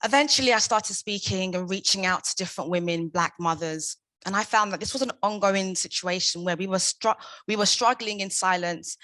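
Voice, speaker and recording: A young woman speaks at a conference in a low, forceful voice, pressing her points with passion and emphasis. The sound is close and dry, with no room around it. Her questions land hard and rhetorical. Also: no echo. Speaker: conference speaker, founder of a maternal support group. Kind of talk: prepared conference talk.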